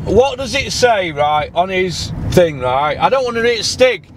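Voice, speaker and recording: A man's voice: sits high, very animated, unhurried, a little hiss or hum. A man hosting a channel, arguing heatedly, badgering and swearing, repeating "listen, mate". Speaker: channel host. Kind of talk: heated phone argument.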